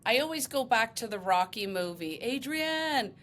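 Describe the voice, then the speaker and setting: A woman's voice: medium pitch, expressive, a little fast, a bit bright, slight background noise. A woman hosting a podcast interview, talking in an enthusiastic, effusive way. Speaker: podcast host. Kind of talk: warm interview chat.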